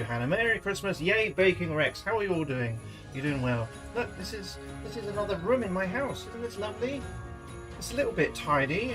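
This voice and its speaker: A British man chatting casually to his livestream viewers from his home kitchen, swearing freely as he goes. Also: high-pitched. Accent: British English. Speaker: livestream host. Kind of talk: casual cooking livestream chat.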